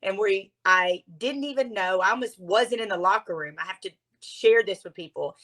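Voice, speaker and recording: A woman from Louisiana, a guest author and speaker, telling her story in an expressive, earnest conversational way. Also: mid-range voice, moderate pace, low-quality recording.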